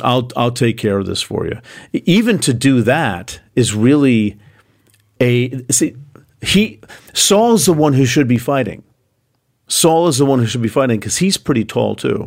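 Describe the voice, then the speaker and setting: A man's voice: medium pitch, creaky. A man co-hosting a podcast, explaining in a conversational way, with easy laughs and verses read aloud. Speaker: podcast co-host. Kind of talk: casual explanatory chat.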